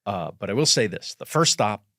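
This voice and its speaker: Enthusiastic man with an expressive voice. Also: lowish voice, fairly quick, no room sound, studio quality. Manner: enthusiastic, emphatic. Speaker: guest. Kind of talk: casual chat.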